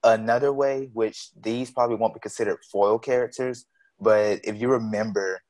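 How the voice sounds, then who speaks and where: A man's voice: lowish voice, fairly even intonation, normal speed, a little mellow. A man co-hosting a podcast on fiction writing, explaining a story example in a loose, conversational way. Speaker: podcast co-host. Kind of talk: casual podcast talk on writing.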